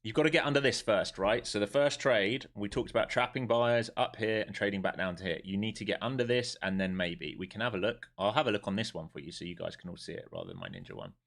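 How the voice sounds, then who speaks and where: A man with a lowish voice talks through his trades on a live stream and keeps firing off questions that he answers himself. He is blunt and wound up and swears freely as he talks. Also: expressive, quick pace, creaky, few pauses, a bit bright. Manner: wound up and emphatic. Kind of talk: live trading stream commentary.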